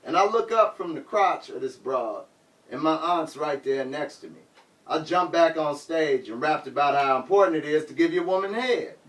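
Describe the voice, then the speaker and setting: A man's voice: a little high, expressive, moderate pace. Rhythmic male poet reading live, roomy and distant. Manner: rhythmic, rap-like delivery with sudden loud shouts. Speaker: poet reading his work. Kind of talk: live performance reading of poetry and prose. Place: bookshop reading in front of an audience. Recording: roomy sound, mic far off.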